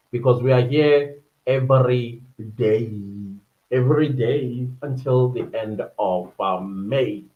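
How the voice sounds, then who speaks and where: A man hosting a casual livestream, reading out viewer comments and often breaking into laughter. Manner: chatty and warm-hearted, often laughing, quick shifts up in pitch. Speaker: livestream host. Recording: muffled lo-fi livestream audio.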